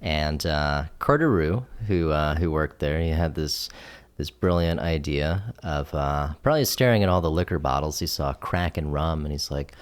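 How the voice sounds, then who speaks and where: Super deep voiced guy rambling through a story on a comedy podcast. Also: moderate pace, smooth. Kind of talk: casual podcast chat.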